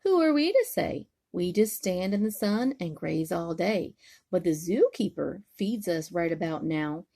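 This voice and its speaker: Kind storybook zebras speak in a friendly, easygoing tone. A grandmother voices them slowly, with a warm, husky sound. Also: fairly low pitch, animated, exaggerated voice.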